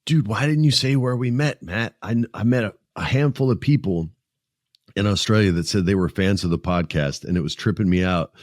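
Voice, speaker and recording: A lower-voiced man in his forties chats on his podcast in an animated, profane way. He acts out the people he quotes, and the recording is close and dry. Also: brisk, dry recording. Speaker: podcast host. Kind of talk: casual podcast chat.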